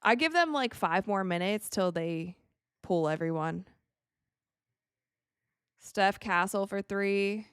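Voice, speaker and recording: A woman's voice: mid-range voice, slow, long pauses, clean tone, no room sound. Young woman streamer, casual game commentary, chatty, dry close sound. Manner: chatty, animated, reacting to plays. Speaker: livestream host.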